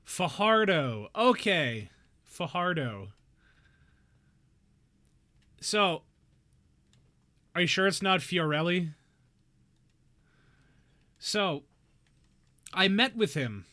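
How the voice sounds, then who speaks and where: A man streaming a game, chatting casually and telling a rambling, excitable story. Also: high voice. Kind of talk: casual chat.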